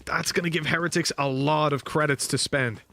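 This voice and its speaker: A man's voice: a little high, fairly even intonation, a little fast, pushed and bright. Chatty man casting a live esports match. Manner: chatty, laughs between points. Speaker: esports caster.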